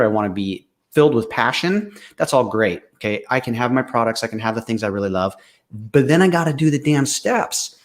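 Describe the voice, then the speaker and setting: A man co-hosting a candid leadership talk, speaking emphatically and getting fired up, now and then swearing for emphasis. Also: medium pitch. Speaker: leadership coach and co-host. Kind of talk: candid casual conversation.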